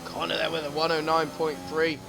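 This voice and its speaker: Excitable sim-racing commentator. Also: male voice, on the high side, a little fast, gravelly, noisy background. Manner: excitable, sweary, joking. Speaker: race commentator.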